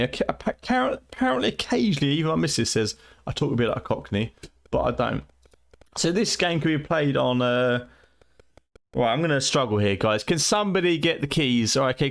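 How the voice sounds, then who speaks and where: A man's voice: mid-range voice, animated, fairly quick, gravelly. A middle-aged man with a Fenland accent, rambling and swearing loosely through a late-night live game stream at home. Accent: Fenland English. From Fenland, England.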